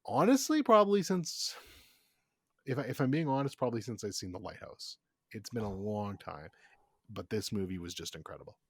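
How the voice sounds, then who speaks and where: A man's voice: fairly low pitch, fairly quick, darkish tone, husky, dry recording, studio quality. A man co-hosting a podcast in casual chat, talking enthusiastically and profanely, rambling with lots of fillers. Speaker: podcast co-host.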